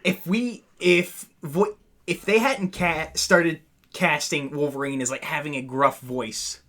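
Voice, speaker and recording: A man co-hosting a casual podcast, cracking jokes and tossing in quick remarks. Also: on the high side, fairly even intonation, bright, forceful tone. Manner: jokey, quick interjections. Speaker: podcast co-host. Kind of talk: casual chat.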